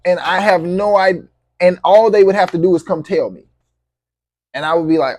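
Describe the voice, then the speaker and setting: A man's voice: high voice, brisk, a little mellow, no echo. A man vlogging to camera, venting in a heated, profane, repetitive way.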